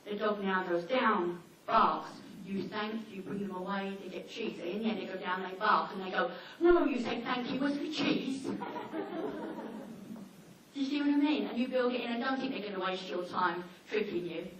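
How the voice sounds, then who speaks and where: A woman talking informally to a seminar audience about dogs, chatty and anecdotal, slipping into quick acted-out asides. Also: medium pitch, fairly bright tone. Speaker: dog behaviour trainer giving a seminar. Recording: echoey hall, mic far off, faint noise.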